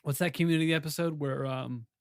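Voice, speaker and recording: A man's voice: on the high side, steady tone, quick pace, creaky, no echo, clean studio sound. A man co-hosting a comedy podcast, chatting casually, rambling through stories and giggling often. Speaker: podcast co-host.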